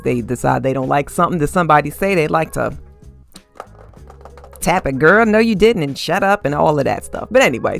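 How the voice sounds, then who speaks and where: A woman's voice: low-pitched, vocal fry. A woman hosting her own podcast, delivering a sassy, emphatic commentary monologue with frequent laughter and casual swearing. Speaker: podcast host.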